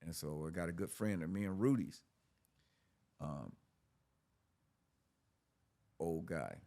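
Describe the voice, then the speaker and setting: A man's voice: sits low, slow. A man casually telling his recovery story on a podcast, profane and street-talking. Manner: profane, street-talking, animated when quoting. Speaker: podcast guest.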